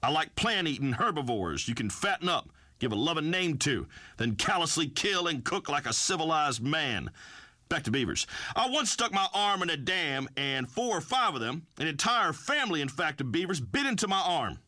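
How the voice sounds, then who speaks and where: An actor playing a brash, folksy redneck farmer who hosts a talk radio show, blustering through rambling pronouncements. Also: male voice, on the high side, sing-song, normal speed, sharp tone, no echo, studio quality. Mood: boastful. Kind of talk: comic talk radio acting.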